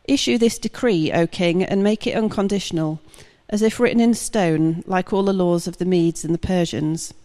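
A woman's voice: lowish voice, normal speed, hardly any pauses, warm tone, in a large hall, lightly acted. A woman reading scripture aloud, voicing a group of scheming male court conspirators in a plain, lightly voiced way. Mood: flattering.

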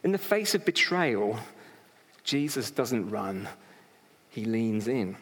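A man's voice: on the low side, slow. Man preaching in a reverberant hall. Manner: lively and conversational, with humorous asides and acted-out quotes. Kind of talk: sermon to a live congregation. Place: hall with congregation.

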